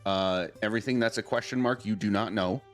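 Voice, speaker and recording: Low-voiced man running the game. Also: fairly quick, soft background music. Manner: laughs often, explains patiently. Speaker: game master. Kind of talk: casual chat among players.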